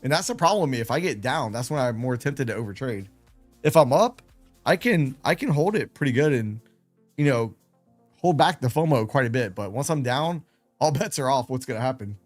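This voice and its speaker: Animated and fairly quick, a man with a mid-range voice hosts a late-night trading livestream over soft background music. His chat is casual, rambling and self-deprecating.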